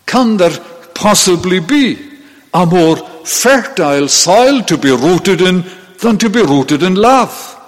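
A man preaching a sermon in church, measured and deliberate, with occasional restarts. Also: high-pitched, sing-song. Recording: long reverb of a large hall.

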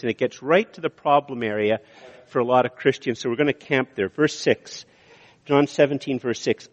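An earnest pastor in his sixties preaches, building his points through repetition with frequent pauses. His voice sits at a middle pitch and carries a long reverb from a church hall. The sound is slightly dull. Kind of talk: sermon.

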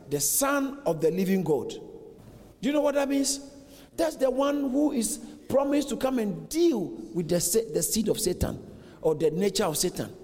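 A man's voice: extremely high pitch, a little mellow. A man preaching a sermon as a pastor, acting out dialogue with animation. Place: church hall. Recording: long reverb in a large hall.

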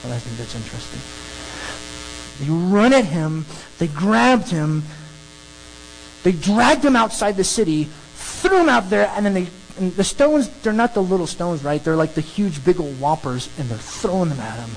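Expressive preacher, mid-pitched, lively emphatic sermon delivery. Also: normal speed, slight background noise, low-quality recording. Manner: animated, emphatic, acts out crowd scenes.

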